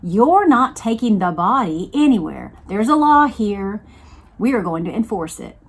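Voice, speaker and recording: Stiff pedantic male examiner, curt, insistent, steady mid-pitched voice, read by a woman. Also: unhurried, husky, heavily acted. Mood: defiant. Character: stern, pedantic male medical examiner, rigid about the law. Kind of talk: read-aloud book dialogue.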